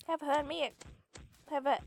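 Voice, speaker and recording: A woman's voice: sits high, fairly even intonation, unhurried, vocal fry, slight background noise. A woman giving sarcastic, exclaiming commentary while she plays a zombie game for her video channel. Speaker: gaming video creator. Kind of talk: live gameplay commentary.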